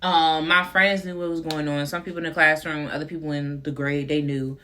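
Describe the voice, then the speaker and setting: A woman's voice: low voice, level tone, a little fast, sharp tone. A young woman vlogger chatting through a storytime, full of fillers and talking to her viewers as y'all. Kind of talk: casual storytime monologue.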